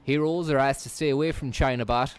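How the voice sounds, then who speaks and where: A man's voice: mid-range voice, steady tone, a little fast, smooth. Profane rambling man streaming live. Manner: rambling, profane, mock-announcer riffing.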